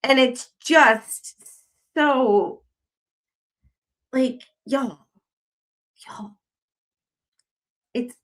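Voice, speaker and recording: A female commentary host talks very slowly, pausing often, in a slightly bright voice as she casually discusses a court filing. Her style is blunt and sarcastic with free swearing, and exasperation sends her pitch leaping.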